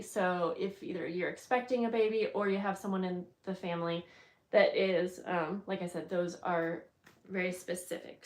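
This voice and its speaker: A woman hosting a live bookbinding stream, chatting casually and greeting viewers by name while she works, often thinking aloud and losing track of her steps. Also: on the low side. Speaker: bookbinding crafter hosting a livestream. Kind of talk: casual chat while working on a craft.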